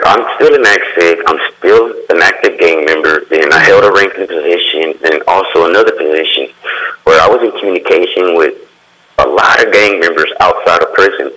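A man sharing an earnest, emotional personal testimony in conversation, halting and restarting as he speaks. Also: low voice, sharp tone, low-quality recording.

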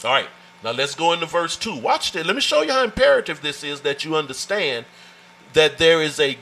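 A man leads a Bible study in an emphatic, informal way, pressing each point home. His voice is bright and forceful and sits a little high for a man. He often calls to the listeners with "watch this" and "amen.". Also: animated, moderate pace, rough recording. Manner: informal, folksy phrasing. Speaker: Bible teacher.

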